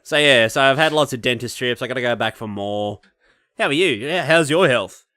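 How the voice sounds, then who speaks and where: A man co-hosting a podcast, telling stories in a casual, swearing way. His voice is bright and forward. He is close to a dry mic. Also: mid-range voice, brisk, no room sound. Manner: swearing storyteller; acts out quoted voices. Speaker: podcast co-host. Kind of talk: casual chat.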